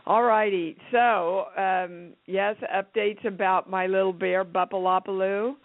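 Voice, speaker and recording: A woman's voice: medium pitch, fairly even intonation, unhurried, dry recording. A woman hosting a radio talk show, playful and effusive, chatting casually with fillers. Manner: bubbly, effusive, with fillers and giggles. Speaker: radio show host and channeler. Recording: tinny phone-line radio sound.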